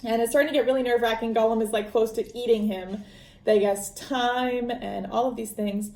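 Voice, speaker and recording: Mellow woman recapping a book, roomy echo. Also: a little high, steady tone, brisk. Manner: chatty, rambling retelling with fillers. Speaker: podcast host.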